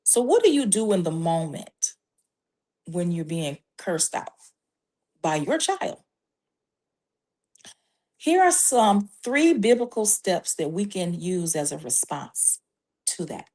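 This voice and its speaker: With a fairly low, warm voice and a sing-song delivery, a woman speaks as a Christian life coach on faith-based parenting. She is measured and emphatic, setting out numbered steps supported by scripture.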